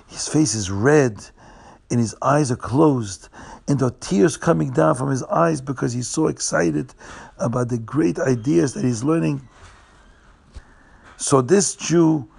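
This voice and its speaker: A man telling a religious story to children, animated and repeating words for emphasis. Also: fairly high pitch, vocal fry, slightly rough.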